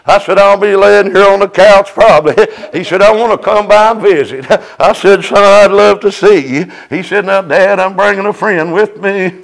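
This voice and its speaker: A middle-aged man gives a sermon testimony. His voice sits high, and he peppers his phrases with "uh" before rising into chanted cries. The congregation answers him from around the room. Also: normal speed, few pauses, rough recording. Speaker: preacher.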